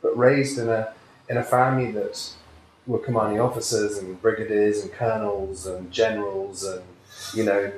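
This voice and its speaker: A man's voice: fairly low pitch, little pitch movement, normal speed, a little hiss or hum. Earnest British man in echoey room. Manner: emotional, earnest, reflective. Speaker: psychic healer, guest. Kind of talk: personal storytelling in an interview. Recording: very echoey room, faint ambience.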